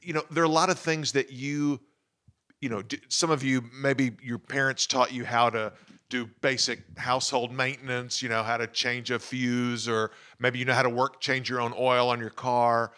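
A man's voice: medium pitch, little pitch movement, moderate pace, sharp tone, clean tone. A middle-aged man on a faculty panel, making points through joking personal stories. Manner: jokey, conversational, illustrates with personal stories. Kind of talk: panel talk with everyday anecdotes. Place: lecture room at an institute.

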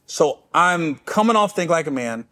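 A man's voice: a little high, animated, moderate pace, pushed and bright. Middle-aged man telling a story in rambling fashion. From Cincinnati, Ohio. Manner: rambling, with restarts and self-mocking asides. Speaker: comedian guest. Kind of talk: candid storytelling.

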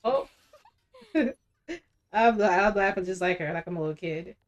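A woman's voice: on the low side, normal speed, dull audio. A woman streamer giving casual, chatty commentary while playing a video game. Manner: chatty, talks to viewers. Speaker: gaming streamer.

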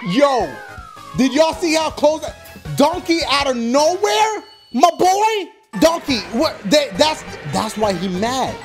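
A man giving loud, excited let's-play commentary, full of profane trash talk and yelling. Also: very high-pitched, slow. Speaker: gaming commentator. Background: game music.

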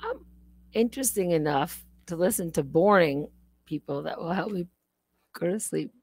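A woman's voice: on the low side, lively intonation, moderate pace, a little mellow, breathy edge, no room sound. Chatty self-mocking woman streamer. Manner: rambling, self-mocking, laughs often. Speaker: livestream host. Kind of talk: casual livestream chat.

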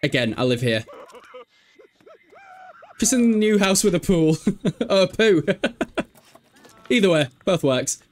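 A young man casually commenting on a life-sim game, laughing often and yelling at the characters. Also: high-pitched, expressive, slow, pauses often. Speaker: streamer. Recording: faint music behind.

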